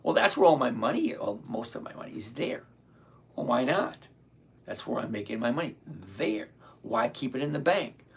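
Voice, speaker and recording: A man in his sixties whose voice is going hoarse, hosting a live stream, explaining trades step by step and chatting with viewers in an upbeat way. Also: medium pitch, big pitch swings, normal speed. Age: 60s. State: hoarse, voice giving out. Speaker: livestream host.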